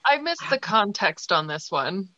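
A man's voice: high-pitched, sing-song, unhurried, pushed and bright, no room sound, dull audio. Sleepy-voiced cheeky male co-host. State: just woke from a nap. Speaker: podcast co-host. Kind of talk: casual podcast banter.

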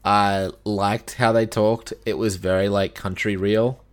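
Low-voiced Australian man, dry jokes. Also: little pitch movement, measured pace. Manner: dry, joking, swears freely. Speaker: podcast co-host. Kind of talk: casual film review chat.

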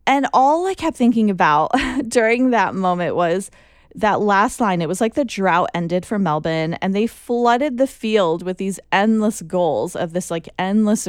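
A woman chatting casually and excitedly about a football final, laughing often and using lots of fillers. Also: medium pitch, clean tone, no room sound, clean studio sound.

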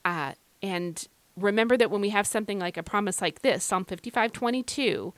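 An Irish woman talks through a devotional podcast in an earnest, encouraging, conversational way. Her voice sits at a middle pitch for a woman. The recording is dry and close, with no room sound. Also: fairly quick, dry recording. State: recovering from feeling unwell. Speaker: podcast host. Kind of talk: devotional Bible podcast talk.

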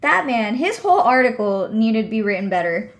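A woman's voice: fairly high pitch, very animated, a little fast. A woman co-hosting a casual podcast, blunt and joking, swearing casually. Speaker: podcast co-host. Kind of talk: casual chat.

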